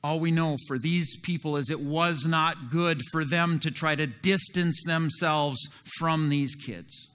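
A man preaching a sermon in a lively, conversational way, acting out little scenes as he goes. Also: fairly high pitch, measured pace, few pauses, clean tone. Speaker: pastor.

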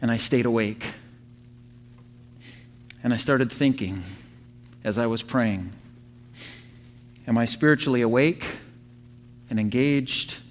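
A man preaching a sermon to his church, telling a story with animated sound effects. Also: medium pitch, slow pace, pauses often. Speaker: pastor.

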